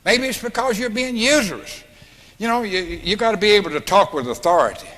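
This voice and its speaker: Man, forceful bright voice, preachy motivational lecture, echo of a big hall, archival recording. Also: sits high, fairly quick. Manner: emphatic, preachy, blunt. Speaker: speaker at an orientation.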